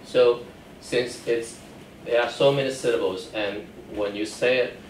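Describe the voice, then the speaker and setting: Slow, patient male Chinese teacher. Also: medium pitch, steady tone. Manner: patient, explains step by step, checks for understanding. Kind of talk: classroom lecture. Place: classroom. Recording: echoey classroom from far off with faint noise.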